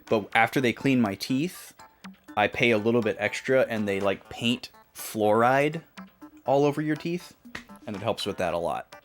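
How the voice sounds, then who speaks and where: A man's voice: medium pitch, moderate pace, faint music behind. A young adult man hosting a stream, chatting casually and rambling with lots of fillers. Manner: rambling, filler-heavy, conversational. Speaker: podcast co-host. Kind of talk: casual chat.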